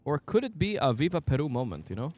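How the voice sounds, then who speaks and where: A man streaming a game, giving casual, excitable commentary, swearing often and talking to his chat. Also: a little high, fast talker, soft background music.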